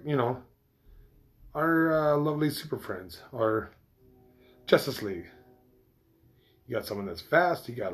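A man chatting casually to his viewers, rambling, swearing freely and restarting his sentences often. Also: mid-range voice. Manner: rambling, loose and profane, with many restarts. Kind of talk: casual chat.

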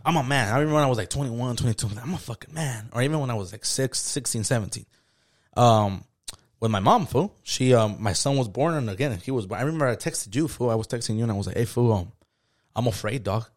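Talking at a quick pace in a mid-range voice, this male podcast co-host spins stories in a casual, profane chat. He uses slang and acts out quotes as he goes.

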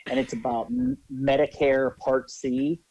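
A man co-hosting a podcast, telling crude anecdotes in an animated, profane way. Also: medium pitch, a little slow, breathy edge, no room sound, lo-fi sound. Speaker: podcast co-host. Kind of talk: crude casual storytelling.

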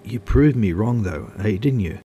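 A man voicing a bitter, volatile male writer who shouts his complaints. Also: sits low, fairly even intonation, moderate pace, creaky. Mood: angry.

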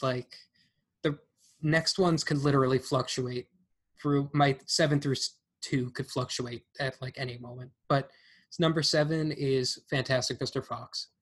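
A man's voice: mid-range voice, fairly bright tone. A man co-hosting a podcast, casually ranking films and hedging his opinions with lots of fillers and restarts. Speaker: podcast co-host. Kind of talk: casual film-ranking chat.

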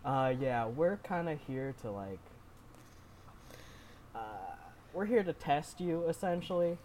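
Man voicing a cocky henchman, hesitant and shrugging, lively pitch. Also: takes it slowly, a little hiss or hum. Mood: sheepish. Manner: hesitant, filler-heavy, offhand. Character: cocky, evasive member of a villain group. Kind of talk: tabletop role-play over voice chat.

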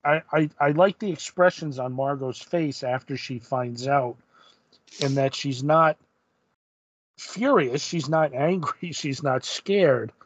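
A man co-hosting a casual comic book podcast, speaking in a thoughtful, measured way. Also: on the high side, no room sound. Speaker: podcast co-host. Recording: dull lo-fi sound.

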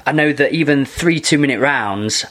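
A man's voice: mid-range voice, moderate pace, a bit bright. A man in casual podcast chat, an enthusiastic and rambling storyteller who laughs often.

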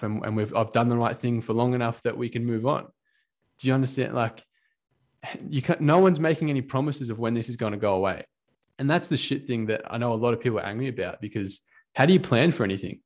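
A man's voice: mid-range voice, a little mellow. A man, a fighter ranting casually and swearing freely. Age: 20s. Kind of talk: casual monologue.

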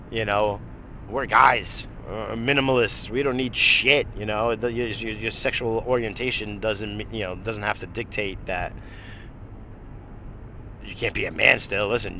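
A man's voice: fairly low pitch, bright, forceful tone, slight background noise. A man hosting a radio show, rambling casually with lots of swearing and fillers. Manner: profane, rambling, many fillers.

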